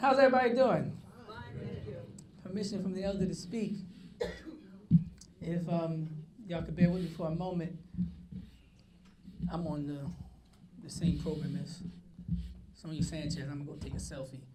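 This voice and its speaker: A man speaking at a live event, eager and rushed, addressing the audience with exclamations. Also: fairly high pitch. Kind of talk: excited live remarks to an audience. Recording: echoey hall, distant mic, crowd noise.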